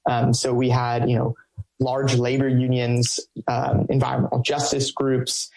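A man who works as a coalition organizer, answering interview questions in a halting way, with many ums and restarts. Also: medium pitch, completely flat delivery, vocal fry, a little mellow, poor audio.

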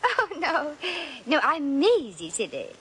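Casting: a fake-posh showgirl, high, swooping, giggly, for a 1940s radio comedy. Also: wildly swooping pitch, takes it slowly, fairly bright tone, heavily acted, low-quality recording. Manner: put-on posh airs with slips, giggly. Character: brash showgirl posing as a grand lady, woman.

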